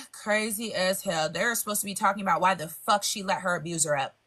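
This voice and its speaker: A woman's voice: mid-range voice, a little fast, fairly bright tone, breathy edge. A woman hosting a live panel, blunt and heated, swearing freely. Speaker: panel host. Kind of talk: casual chat on a live panel.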